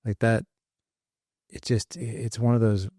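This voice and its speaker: A man's voice: lowish voice, level tone, slow pace, warm tone, no room sound, studio quality. A middle-aged man hosting a casual father-son podcast, rambling and often correcting himself as he talks.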